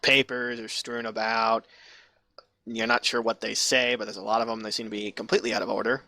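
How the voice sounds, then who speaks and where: Guy running a tabletop game, gravelly sharp voice, swears, rambles, dry sound. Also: fairly low pitch, little pitch movement, a little fast, dry recording. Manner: casual, rambling, swears freely. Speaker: game master. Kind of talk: narrating a tabletop game online.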